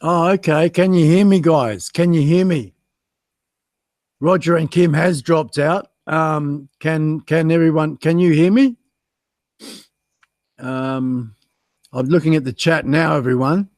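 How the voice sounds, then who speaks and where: Australian guy, slightly high voice, casual self-mocking livestream host, dry mic. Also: takes it slowly, pauses often, darkish tone, no echo. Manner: chatty, self-mocking, reads chat aloud with many ums.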